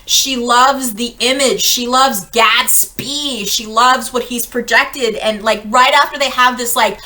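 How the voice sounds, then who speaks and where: A young adult woman leading a casual book-club lesson, chatty and animated, acting out quotes. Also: a little high, measured pace.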